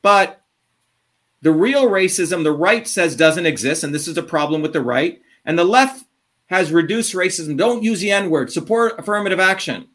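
A man ranting combatively in an interview, profane and heated, swinging between fast bursts and drawn-out words. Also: sits high, lively intonation, a bit bright. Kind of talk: impassioned interview talk.

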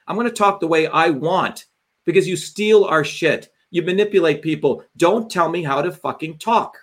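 A man's voice: fairly high pitch, normal speed, fairly bright tone. A man hosting a livestream as a political candidate, delivering a fiery rant full of profanity.

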